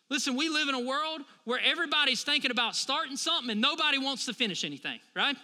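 A man's voice: very high-pitched, lively intonation, fast talker, pushed and bright, long reverb tail. A man in his thirties preaching a sermon as a pastor, talking conversationally and asking the congregation for responses.

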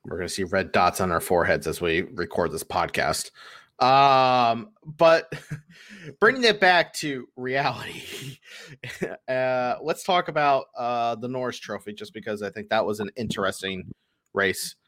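A man co-hosting a podcast, chatting casually about sports with many fillers, getting animated when he tells a story. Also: mid-range voice, measured pace. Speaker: podcast co-host.

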